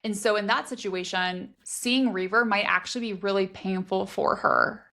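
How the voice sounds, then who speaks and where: A woman's voice: mid-range voice, steady tone, normal speed, sharp tone. Chatty woman co-hosting a book podcast. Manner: thinks aloud, with many "like" fillers. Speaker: podcast co-host. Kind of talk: casual book discussion.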